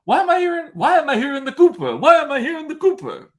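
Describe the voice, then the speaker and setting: A man doing an excitable Italian restaurateur. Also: fast, full character voice. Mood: incredulous. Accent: put-on Italian accent. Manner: animated, exclaiming, high-pitched.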